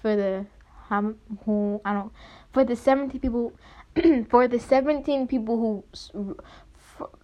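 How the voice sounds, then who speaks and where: A woman's voice: on the high side, measured pace, dark tone. A young woman hosting a casual solo podcast, rambling with many fillers and restarts. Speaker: podcast host. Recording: dull lo-fi home recording.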